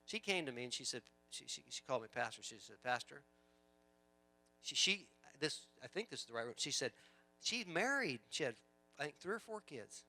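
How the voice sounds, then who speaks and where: A male pastor delivers a sermon at a brisk clip, his mid-range voice making big pitch swings. He moves between loud, emphatic lines and quiet storytelling, adding chatty asides and repeating words.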